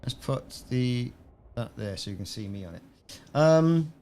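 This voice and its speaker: A man's voice: mid-range voice, expressive, a little slow, warm tone. A man casually chatting on a game live stream, rambling and answering viewers by name. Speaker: gaming streamer.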